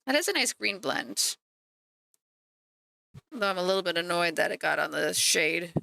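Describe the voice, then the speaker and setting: A woman's voice: fairly low pitch, expressive, moderate pace, vocal fry, sharp tone. A woman streaming live while painting miniatures, chatting to viewers in a self-mocking way. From Canada. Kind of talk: casual livestream chat.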